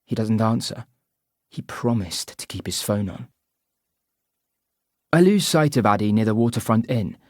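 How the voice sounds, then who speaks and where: A man reading a first-person audiobook narration in an even, measured way. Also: lowish voice, no echo, studio quality.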